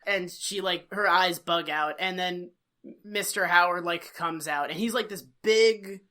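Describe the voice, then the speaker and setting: A woman co-hosting a casual podcast, recapping an old TV episode in a profane, animated way and slipping into quick impressions. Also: on the low side. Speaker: podcast co-host.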